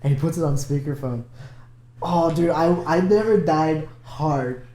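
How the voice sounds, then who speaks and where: A man in casual talk, telling an animated story and laughing along the way. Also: on the high side, unhurried, roomy sound. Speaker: podcast guest.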